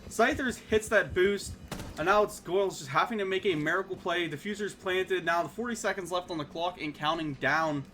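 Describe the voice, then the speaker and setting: A man calls a live esports match from his home stream in a high, bright, forward voice. He keeps up a running play-by-play and gets more excited on the big plays. A faint hiss of noise sits under the recording. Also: moderate pace. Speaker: esports caster.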